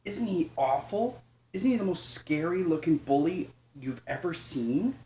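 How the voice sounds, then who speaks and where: A man voicing an anxious young male raccoon cub in a bedtime storybook, his pitch nudged up into a pleading, childlike tone. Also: expressive, measured pace, warm tone, slight background noise. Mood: excited. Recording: echoey room.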